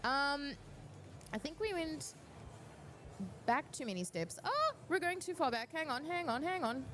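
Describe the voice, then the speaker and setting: Woman, slightly high pitch, animated storyteller, earnest, encouraging panel speaker. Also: unhurried, a little hiss or hum. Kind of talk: giving advice to an audience.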